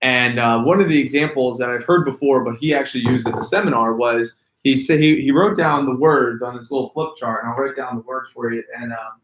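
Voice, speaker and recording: Man, sales trainer, animated workshop talk, emphatic word stress, medium-pitched, echoey room. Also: a little fast, hardly any pauses, a little hiss or hum.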